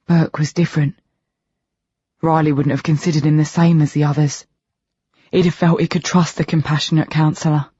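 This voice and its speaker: An audiobook narrator reading a first-person novel in a steady storytelling manner. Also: mid-range voice, moderate pace, pauses often, slightly rough, no echo. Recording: dull lo-fi recording, dry.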